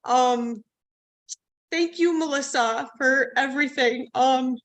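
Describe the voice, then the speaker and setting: A woman's voice: sits high, slow pace, a bit bright. A woman speaking on an online summit, nervous and laughing, with many ums. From United States. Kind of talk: nervous personal talk.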